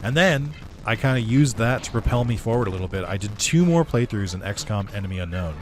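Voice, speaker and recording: A man's voice: fairly low pitch, lively intonation, fast talker, slight background noise. A man giving casual gaming commentary, rambling and laid-back with lots of fillers and some swearing. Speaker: let's play commentator.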